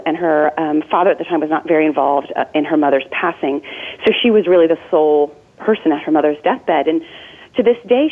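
Forties woman guest, lower voice, earnest and chatty, heard over a thin phone line. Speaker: death doula and nurse. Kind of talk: conversational interview answers. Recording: tinny phone-line sound.

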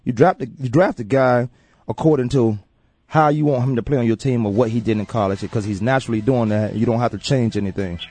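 Husky, mellow-voiced sports radio host. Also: male voice, medium pitch, brisk. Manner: animated, repeats himself. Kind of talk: casual sports talk.

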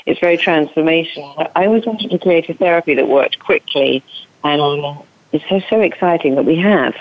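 A woman's voice: sits low, fairly quick, no room sound, muffled recording. A woman with an English accent, a guest therapist telling her story in an enthusiastic, chatty way. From England. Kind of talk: podcast interview.

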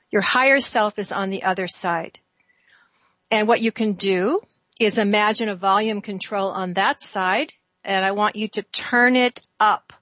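A woman with a mid-range voice leads a gentle guided exercise, drawing out her phrases in a soothing way. The sound is dry and close, with no room echo. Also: mid-range voice. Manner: slow, soothing guidance with drawn-out phrases. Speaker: host. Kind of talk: guided exercise on a talk show.

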